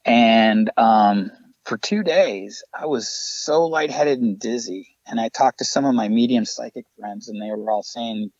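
A man's voice: mid-range voice, a little slow, a little mellow, no room sound. Man, paranormal investigator guest, earnest storyteller, dull lo-fi sound. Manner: earnest, recounting ghost encounters. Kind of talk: storytelling in a podcast interview.

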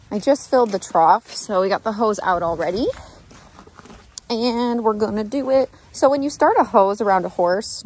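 Outdoors at a horse barn, a woman grooms her horse while chatting casually to the camera, offering tips and slipping into baby talk with the animal. Her mid-range voice has a slight hiss or hum, and she narrates like a typical horse riding vlogger.

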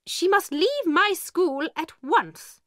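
A woman voicing a stern, angry headmistress who talks in a sharp, indignant and emphatic way. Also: high voice, big pitch swings, slow, dry recording, studio quality, pitched above the performer's own voice, exaggerated voice. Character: stern, angry female headmistress, middle-aged.

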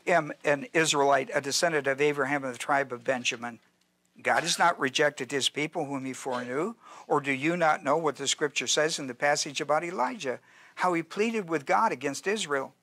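A man's voice: a little high, fairly bright tone. A male pastor teaching a sermon in a folksy, joking way, with restarts and asides to his listeners.

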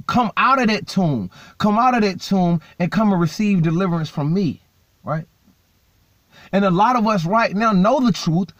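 A man, his voice sitting high, preaches in a loose, conversational way. He circles back on his phrases and keeps tagging them with "right?". The recording is dry and a little dull. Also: no echo. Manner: repetitive, emphatic, frequent "right?" and "man"; conversational, self-correcting. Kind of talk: street-style sermon.

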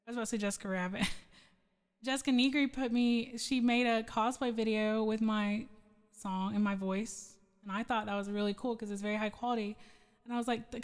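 Woman streamer chatting w her chat, kinda high voice, giggly and all over the place, long reverb on her mic. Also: clear, resonant tone. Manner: rambling, giggly, scatterbrained. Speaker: streamer and singer. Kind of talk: casual chat with live chat.

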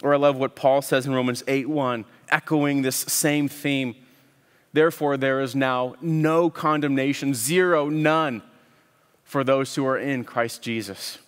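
A man preaching a sermon, earnest and deliberate, often repeating words as he builds a point. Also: mid-range voice, fairly even intonation, clear, resonant tone, big-room sound. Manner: earnest, with frequent word repeats and pauses. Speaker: pastor.

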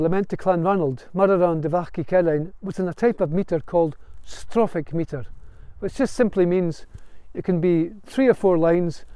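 A man's voice: high voice, darkish tone, smooth, no echo. A man, speaking as a bard and storyteller in an earnest spoken lecture, with a storytelling cadence and a few restarts. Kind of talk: spoken lecture on Gaelic song and history.

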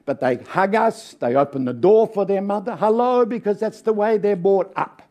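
A man's voice: high voice, expressive, moderate pace, darkish tone. Older Australian man preaching with folksy humor. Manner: folksy, humorous, calls out for amens. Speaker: guest preacher. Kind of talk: sermon with storytelling.

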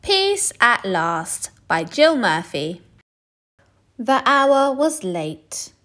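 A woman reading a children's picture book aloud, expressive and playful, with sound effects for the noises in the story. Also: on the high side, drawn-out words.

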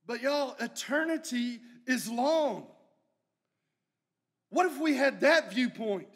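A man's voice: extremely high pitch, expressive, a little slow. A man preaching a sermon as a guest preacher, folksy and storytelling, repeating phrases for emphasis.

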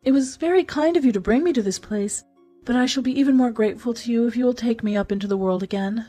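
A woman voicing a timid young princess who pleads gently. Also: a little high, quick pace, faint music behind, voice pushed up, lightly acted. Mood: pleading.

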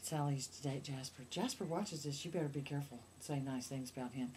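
A young woman chatting casually about a movie, playful and teasing, dropping into hushed asides. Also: extremely low pitch, a little fast, a crowd in the background. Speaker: movie reviewer. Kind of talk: casual comedic chat.

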